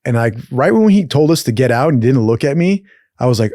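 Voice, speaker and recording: A man's voice: mid-range voice, a little fast, dry recording. Profane storytelling young man, dry close mic. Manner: profane, animated, acts out other people's lines. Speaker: podcast host. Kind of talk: casual storytelling.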